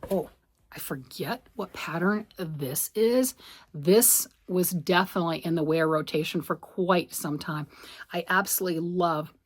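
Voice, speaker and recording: A woman casually chatting in a craft vlog as she sorts through her knitted and crocheted pieces, rambling and thinking out loud. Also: fairly low pitch. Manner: chatty, rambling, talks to herself while sorting.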